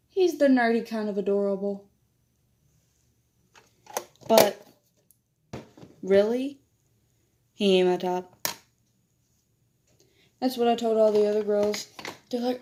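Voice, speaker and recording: A woman's voice: expressive, takes it slowly, pauses often, dark tone, slight background noise. A teenage girl chatting casually in a vlog, telling stories while doing her makeup. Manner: chatty, laughs often, quotes others in higher voice. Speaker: vlogger.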